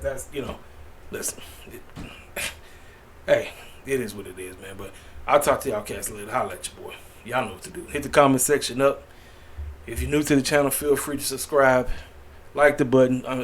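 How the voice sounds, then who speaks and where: A man's voice: mid-range voice, slight background noise. Exasperated man ranting in casual slang. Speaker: wrestling commentary vlogger. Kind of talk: casual opinion rant.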